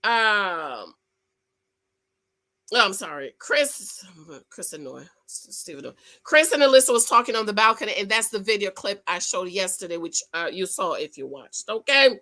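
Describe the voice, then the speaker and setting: A woman giving a sassy, animated recap of a reality TV episode, talking straight to her viewers. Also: mid-range voice, moderate pace. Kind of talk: casual recap commentary.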